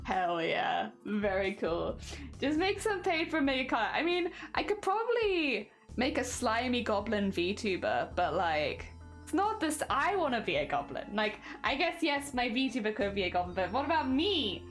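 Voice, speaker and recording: A woman's voice: fairly high pitch, very animated, measured pace, soft background music. A woman livestreamer chatting casually with viewers while crafting, giggly and rambling, laughing often.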